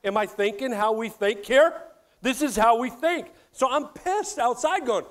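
Casting: middle-aged male pastor, high-pitched voice, lively jokey delivery addressing the crowd. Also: moderate pace. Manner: animated, jokey, addresses audience directly. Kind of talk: sermon.

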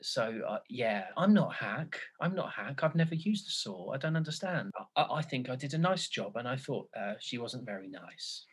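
A man's voice: medium pitch, sing-song, normal speed, few pauses, slightly rough. A man playing a rambling, hesitant actor being interviewed in a comedy sketch. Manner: rambling, hesitant, self-deprecating. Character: affable male actor being interviewed, mildly hurt. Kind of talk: improvised mock interview.

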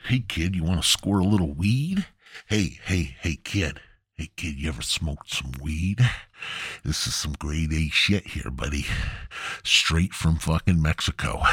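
A shady carnival worker leans in with a low, hushed, wheedling sales pitch, as a man puts him on. The voice is deep and quiet, and the sound is close and dry. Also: husky, dry recording, full character voice. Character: shady male carnival worker hustling kids. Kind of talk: comic storytelling.

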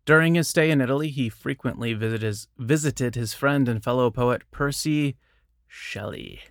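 A man's voice: medium pitch, moderate pace, gravelly, dry recording. Plain-voiced man reading aloud, dry sound. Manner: plain reading, breaks off for casual asides and self-corrections. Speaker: reader of quotes and biographies. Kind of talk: reading aloud with short asides.

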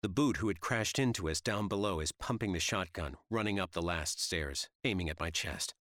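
Low-voiced man narrating a tense story. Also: normal speed, fairly bright tone, no echo, studio quality. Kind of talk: first-person audiobook narration.

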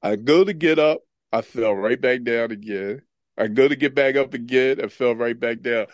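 A man co-hosting a casual podcast, mid-pitched and chatty, telling stories and breaking into laughter often. His voice is recorded close on a podcast mic, with a dry sound and no room around it. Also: moderate pace, no room sound, highs cut off. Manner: animated storyteller who laughs often. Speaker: podcast co-host. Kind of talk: casual chat and storytelling.

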